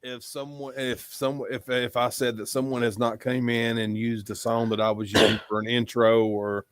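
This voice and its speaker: A man hosting a casual podcast interview, relaxed and rambling, who laughs and curses freely. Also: mid-range voice, moderate pace, dry recording. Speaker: podcast host.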